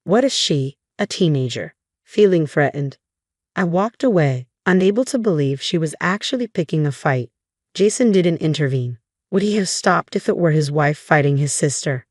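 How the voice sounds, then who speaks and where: A middle-aged woman narrating a scripted family drama story in an even, measured reading voice, doing every part herself. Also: low voice, no room sound, studio quality.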